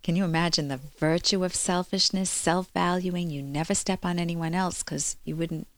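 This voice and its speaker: A woman's voice: fairly low pitch, fairly even intonation, normal speed, no echo. A woman clinical psychologist hosting a call-in radio advice show, talking to listeners in an earnest, explanatory way.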